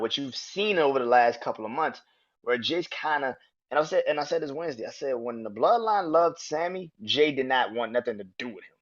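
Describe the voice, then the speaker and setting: A man hosting a podcast, reviewing wrestling in excitable, profane casual chat and laughing often. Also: mid-range voice, muffled recording. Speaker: podcast host.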